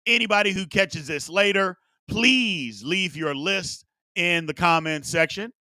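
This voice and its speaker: Male live-stream host, high and lively voice, dry close mic. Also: no echo. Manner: animated, repetitive, playful asides. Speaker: sports talk show host. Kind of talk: live-stream talk show, fan participation.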